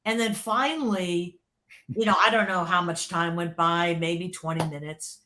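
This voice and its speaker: On a podcast, a former record label creative executive tells animated stories with lively excitement, repeating words, restarting sentences, and laughing often. Her voice is lowish at normal speed, swinging between hushed and loud.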